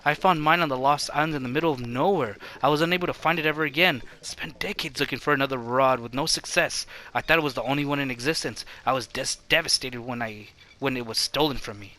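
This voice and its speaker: An old male ghost rambles and stumbles through his story, played by a man reading game lines. The delivery is low-key and slightly lower than the voice around it. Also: quick pace, few pauses, bright, forceful tone, lightly acted. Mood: wistful.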